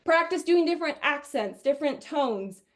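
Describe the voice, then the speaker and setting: A middle-aged woman from Wisconsin with a high voice runs a webinar on sales training. Her delivery is chatty and energetic at a moderate pace, and she frequently drifts into quoting customers.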